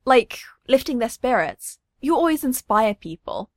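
A woman's voice: a little high, sing-song, unhurried, no echo, studio quality, voice pushed up. A woman reading aloud, voicing a friendly teenage schoolgirl who talks in a casual, chatty way. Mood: admiring.

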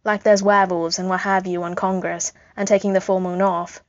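A woman's voice: medium pitch, level tone, fairly quick, no room sound, lightly acted. Brief: earnest, apologetic young guy, read by a woman; muffled lo-fi audio. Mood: sheepish. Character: earnest, sheepish young man, new parent. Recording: dull lo-fi recording.

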